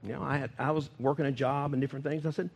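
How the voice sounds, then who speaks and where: An older man preaching a sermon in a church, speaking in animated bursts and repeating key phrases for emphasis. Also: medium pitch, very fast, creaky. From United States. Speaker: pastor. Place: church sanctuary. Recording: long church reverb.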